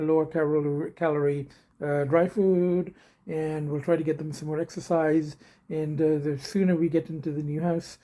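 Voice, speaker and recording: A man's voice: fairly high pitch, warm tone, poor audio. A middle-aged man vlogging in a rambling, casual way, full of fillers and swearing, cooing to his cats. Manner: coos baby talk to his cats.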